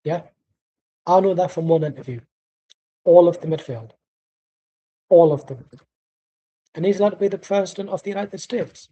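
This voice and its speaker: A man ranting through a live football watchalong, swearing often and turning every remark sarcastic. His voice sits a little high for a man but sounds mellow and dark. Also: normal speed, pauses often, slightly rough, low-quality recording. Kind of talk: live match commentary and rant.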